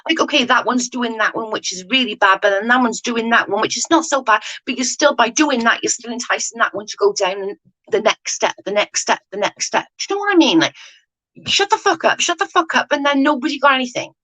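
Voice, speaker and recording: A woman's voice: a little high, expressive, fast, a bit bright, poor audio. A woman hosting a casual live chat with viewers, blunt and sweary, ranting with lots of "like" fillers. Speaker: livestream host chatting with viewers.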